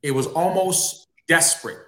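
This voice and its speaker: A man's voice: a little high, moderate pace, a bit bright. Earnest male guest telling a story. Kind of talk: personal storytelling in an interview. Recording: roomy echo on his voice.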